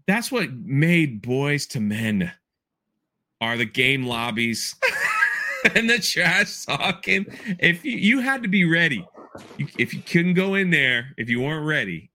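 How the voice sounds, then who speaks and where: A man hosting a casual podcast, telling stories in an animated way and laughing often. His voice is fairly high for a man, swoops widely in pitch, and has a bright, sharp edge. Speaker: podcast host.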